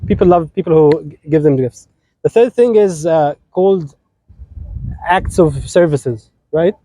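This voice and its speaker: A man's voice: a little high, unhurried, dark tone. A man with an Egyptian accent, a native Arabic speaker, giving an informal wedding sermon in a chatty, teasing way, often asking "right?". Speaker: officiant giving a wedding talk.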